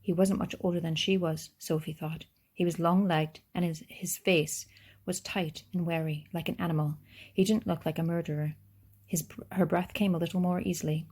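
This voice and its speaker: A woman's voice: low-pitched, level tone, normal speed, darkish tone, breathy edge. A woman reading a children's novel aloud, with small slips and restarts. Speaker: reader.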